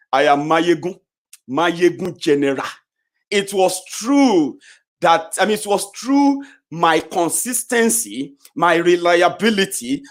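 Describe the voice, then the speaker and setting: In a Nigerian accent, a middle-aged political commentator rants angrily and combatively about politics, his voice lurching between shouts and quiet mutters.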